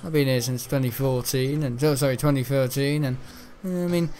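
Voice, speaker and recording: A man's voice: medium pitch, steady tone, a little fast, dark tone. A man chatting casually while streaming a game, rambling and joking and laughing often. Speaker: gaming streamer. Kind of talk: casual livestream chat while gaming.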